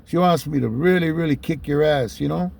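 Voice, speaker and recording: A man voicing his easygoing father, a laid-back older man gently scolding his son. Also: on the high side, a little fast, vocal fry.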